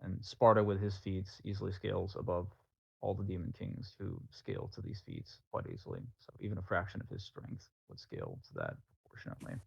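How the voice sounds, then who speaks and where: Gravelly man, low voice, quick technical debater on a muffled voice call. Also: animated, no echo. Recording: dull, dry voice-call audio.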